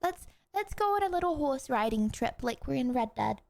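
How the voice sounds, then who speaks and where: A young woman streaming a game, chatty and excitable, talking to her chat with sudden yelps and shouts. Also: high-pitched, normal speed, gravelly, slight background noise. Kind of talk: live gameplay commentary.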